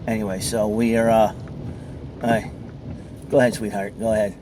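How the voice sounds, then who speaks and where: Sitting in his car at a mall, a vlogger from southern New England chats casually, rambling with plenty of fillers. His voice is fairly low and fairly flat in pitch, and he talks at a normal speed. Some background noise can be heard.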